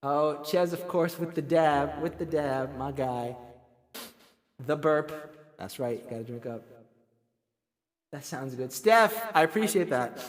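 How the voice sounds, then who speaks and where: A man's voice: on the high side, slow, long pauses, big-room sound. A man hosting a casual livestream. He rambles, reads out the chat and pokes fun at himself. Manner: rambling, self-deprecating, reads chat aloud. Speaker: livestream host.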